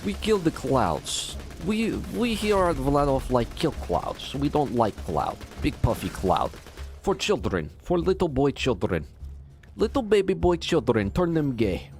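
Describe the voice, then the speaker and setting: This is a gruff male soldier with a put-on mock Russian accent, done by a man. He pushes his voice up and swings it around freely. He barks short, broken English lines. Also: on the high side, sing-song, unhurried, darkish tone, faint music behind, pitched above the performer's own voice. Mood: boastful. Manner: broken English, blunt declarations.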